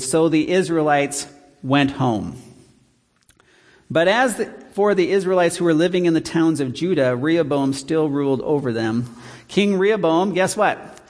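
A man's voice: a little high, animated, normal speed. Man teaching scripture in a reverberant hall. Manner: conversational, rhetorical questions. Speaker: Bible teacher. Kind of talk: evening Bible study sermon.

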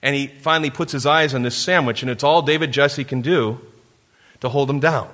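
A man's voice: mid-range voice, brisk, fairly bright tone. Man preaching a sermon in a reverberant hall. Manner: storytelling with playful camper impressions. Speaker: pastor.

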